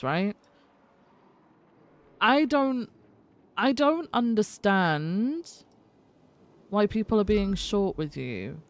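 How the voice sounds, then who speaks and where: Woman, smooth clear voice, role-play police chief, reassuring, firm. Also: on the low side. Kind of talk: in-character role-play conversation.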